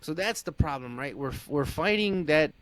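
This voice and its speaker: A man's voice: on the high side, expressive, moderate pace. A man, an automotive diagnostic technician, talking as a guest in a casual podcast conversation, blunt and emphatic, often restarting his sentences. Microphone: podcast microphone.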